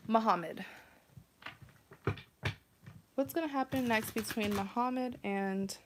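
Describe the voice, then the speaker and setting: A woman's voice: a little high, normal speed, noisy background. A woman with an American accent doing a live tarot reading, chatting and teasing with viewers as she thinks aloud. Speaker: tarot reader.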